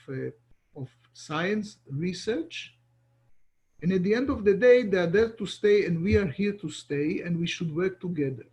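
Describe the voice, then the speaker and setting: A man's voice: high-pitched, darkish tone, lo-fi sound. A middle-aged man, giving an online lecture as an ambassador, talking with many restarts and repeated words.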